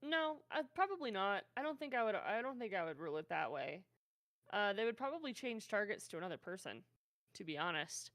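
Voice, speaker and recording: A woman's voice: medium pitch, very animated, fairly quick, a bit bright, no room sound. A woman co-hosting a podcast as dungeon master, easygoing and often giggling. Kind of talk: casual chat about tabletop gaming.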